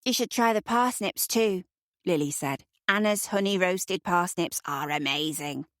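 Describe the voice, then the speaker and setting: A playful young woman with a wry, quick wit, her voice fairly low. The sound is close and dry. An audiobook reader voices her. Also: a bit bright, no room sound.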